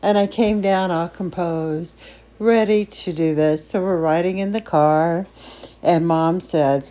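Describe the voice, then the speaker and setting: Mellow-voiced older woman telling a story. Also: lowish voice, steady tone, slow pace. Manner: emotive, chatty, with restarts and laughs. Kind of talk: casual personal storytelling.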